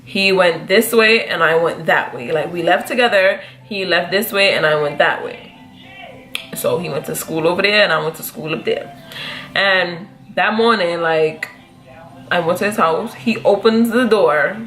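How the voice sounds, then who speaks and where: A young woman telling a personal story in a casual, animated, profane way, jumping up in pitch when she quotes herself. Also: moderate pace, soft background music. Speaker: vlogger.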